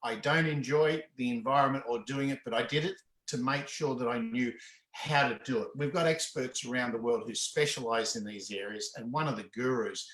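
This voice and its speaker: A man of middle pitch teaching laughter exercises, lively and quick to burst into hearty laughter. His voice carries a roomy echo. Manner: animated, breaks into hearty laughs. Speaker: laughter yoga facilitator. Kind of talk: explanatory demonstration in an interview.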